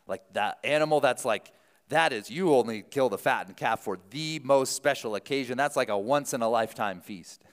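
A man preaching a sermon as a pastor, telling the story in an animated, lively way with quick asides. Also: mid-range voice, long reverb tail.

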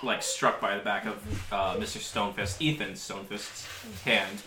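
A man narrating as game master, in a casual and halting way. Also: fairly low pitch, fairly even intonation, pushed and bright, echoey room.

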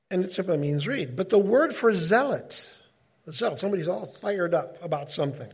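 A middle-aged man giving an informal Bible teaching, talking in a conversational, animated way and often breaking off mid-sentence. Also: a little high, moderate pace, husky. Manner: conversational, animated, self-interrupting.

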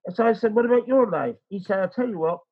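A man's voice: sits high, fast talker, slightly rough, phone-quality sound. An older man telling a rambling personal story in casual chat, acting out the voices of the people in it. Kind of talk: casual anecdote.

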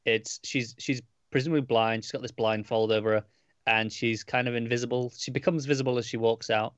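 A man's voice: medium pitch, fairly even intonation, a little fast, clear, resonant tone, no room sound, muffled recording. A man co-hosting a casual podcast, reviewing a comic book in a rambling, hesitant way with many restarts.

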